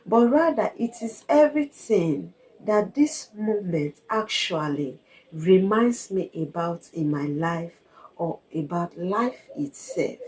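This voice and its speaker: Slow, earnest woman vlogger. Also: on the low side, expressive, darkish tone, rough recording. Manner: earnest and confiding, repeats points for emphasis. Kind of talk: reflective personal monologue.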